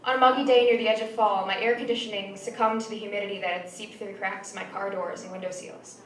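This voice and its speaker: A woman's voice: medium pitch, fairly even intonation, fast, a little hiss or hum. Young woman reading her story aloud. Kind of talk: live literary reading. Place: small venue. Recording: roomy, distant mic with faint ambience.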